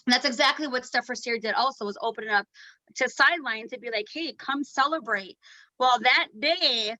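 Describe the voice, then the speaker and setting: A woman's voice: on the high side, brisk, bright, forceful tone, no room sound, low-quality recording. A woman hosting a motivational video call, upbeat and hyped as she cheers on a teammate. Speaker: host.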